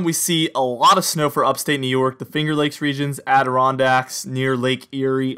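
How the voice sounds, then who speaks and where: This is a young American man with a light Southern lilt, talking viewers through a snowstorm forecast on radar maps. He sounds upbeat and chatty, with a voice that sits in a middle register and jumps up in pitch at each new time step. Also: fairly bright tone, clear, resonant tone. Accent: slight Southern or Mid-Atlantic American. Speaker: weather forecaster. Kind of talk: scripted-free weather forecast over radar maps.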